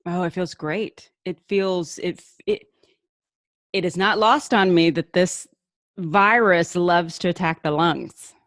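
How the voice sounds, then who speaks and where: A woman host with a fairly low voice chats earnestly, tripping over her words and restarting as she goes. The sound is dry and close, with no room echo. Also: takes it slowly, a bit bright. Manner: eager, restarts often, earnest. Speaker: show host. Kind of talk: casual conversational interview.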